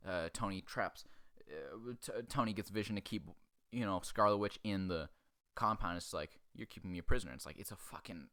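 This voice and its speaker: A man's voice: low voice, bright, forceful tone. Crude, sarcastic man recapping a film. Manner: crude, sarcastic, acts out characters in quick asides. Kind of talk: profane comedic movie recap.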